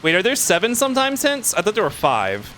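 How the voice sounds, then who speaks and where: Guy streaming a game, chatting to himself, high bouncy voice, some music under it. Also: brisk, slight background noise. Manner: excitable, talks to himself while playing. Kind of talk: casual game commentary.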